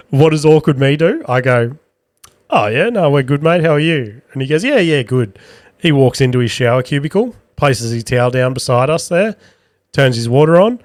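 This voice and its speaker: A man, hosting a podcast and telling a crude, self-deprecating story in a casual, animated way. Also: medium pitch, no room sound, studio quality. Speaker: podcast host.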